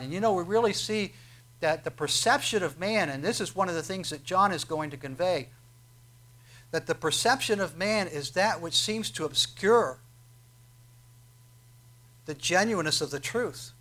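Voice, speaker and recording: A man's voice: a little high, expressive, moderate pace, long pauses, sharp tone. A man preaching a sermon, explaining scripture with frequent "uh" fillers and emphatic, rising quotes. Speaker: pastor.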